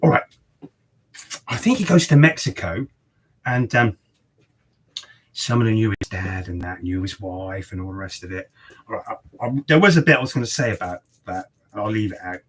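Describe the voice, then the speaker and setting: A man's voice: lowish voice, animated, fairly quick, breathy edge, low-quality recording. A man who works as a barber, chatting casually with a customer in his shop and telling a long story full of swearing. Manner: swears freely, rambling storyteller. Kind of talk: casual chat, telling a story while cutting hair.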